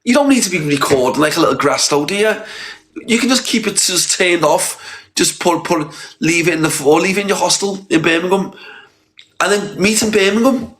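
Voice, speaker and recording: In a confrontational livestream call-out, a Scouse-accented man from Liverpool, England, keeps repeating himself and swearing as he rants. The live streamer has a high, slightly bright voice and talks at a moderate pace.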